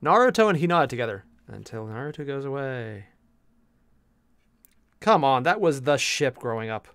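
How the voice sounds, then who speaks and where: Lively, jokey young streamer guy. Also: mid-range voice, normal speed, smooth, no room sound. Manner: animated, jokey, chatty with viewers. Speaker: miniature painting streamer. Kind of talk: casual live-stream chat.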